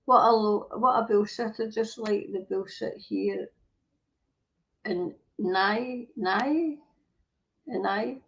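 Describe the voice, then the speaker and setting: A woman's voice: mid-range voice, slow pace, pauses often. A Scottish woman hosting a livestream, ranting angrily with lots of swearing and reading out viewer comments. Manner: angry, sweary, reads viewer comments aloud. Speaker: livestream host. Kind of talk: casual livestream rant. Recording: dull lo-fi stream audio.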